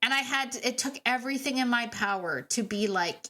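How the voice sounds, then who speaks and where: A woman hosting a dog training podcast, telling stories in a chatty, animated way with laughs and fillers. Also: fairly high pitch, brisk. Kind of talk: casual podcast monologue.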